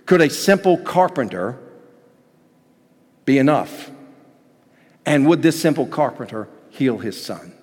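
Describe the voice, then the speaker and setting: A man preaching a sermon as pastor, shifting between hushed intensity and loud, emphatic passages. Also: mid-range voice. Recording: hall reverb.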